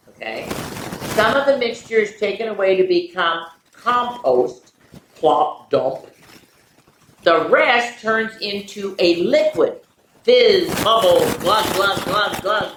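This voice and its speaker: Animated older woman reading stories to kids. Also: fairly low pitch. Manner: animated, with playful sound effects and chatty asides. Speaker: children's story reader. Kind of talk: reading picture books aloud to children. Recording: echoey room with faint noise.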